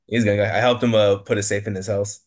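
A lowish male voice trading blunt, profane remarks in a relaxed podcast chat. He laughs easily and talks without any filter. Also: quick pace. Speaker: podcast guest. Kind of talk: casual chat.

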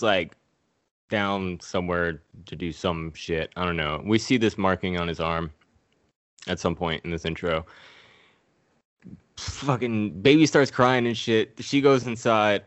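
A man's voice: on the low side, no room sound. A man co-hosting a casual podcast, rambling and swearing as he recaps a movie plot. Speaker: podcast co-host.

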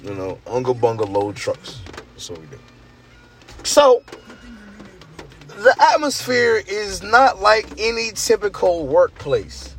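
A slightly higher-voiced man speaking. He rambles through a work story in a loose, profane monologue, jumping from loud bursts to low mutters. Faint traffic and car noise sit behind him outdoors. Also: sing-song, slow, pauses often. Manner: loose, profane storytelling with big swings in energy. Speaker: podcast host. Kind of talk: casual monologue to listeners. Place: outdoors in the rain near a parked car.

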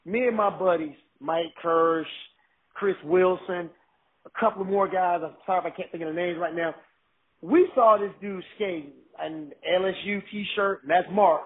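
A high-pitched man tells stories with excitement, stumbling and restarting as he goes. His voice is husky. The sound is thin and narrow, like a phone line. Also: moderate pace. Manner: excited, animated storytelling with restarts. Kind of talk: casual storytelling chat.

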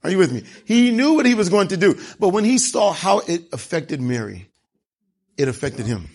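A man's voice: high-pitched, big pitch swings, normal speed, a little mellow. A man preaching a sermon in a conversational way, acting out the dialogue of the scripture passages he reads.

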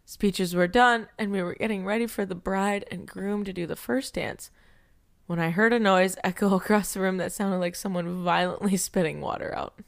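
A woman's voice: mid-range voice, steady tone, normal speed, gravelly. A young woman co-hosting a podcast, casually chatting and reading listener stories aloud, giggling and swearing freely. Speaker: podcast co-host.

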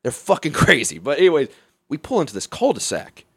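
Young man, profane and animated storyteller, lively higher voice, dry close mic. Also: fairly quick, breathy edge, no room sound. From Alabama. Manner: profane, animated, laughing often. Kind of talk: casual storytelling.

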